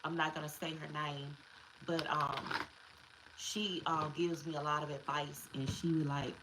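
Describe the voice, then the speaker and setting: A woman's voice: low-pitched, steady tone, a little slow, background noise. A woman giving a casual spiritual tarot reading, emphatic and repetitive, slipping into slang and curses. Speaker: tarot reader.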